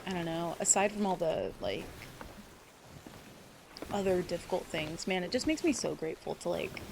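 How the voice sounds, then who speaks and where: A woman's voice: fairly low pitch, big pitch swings, moderate pace, creaky, noisy background. A woman streamer chatting casually with her viewers, rambling and swearing freely, teary at moments. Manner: rambling, emotional, swears freely, greets chat by name. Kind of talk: casual live-stream chat.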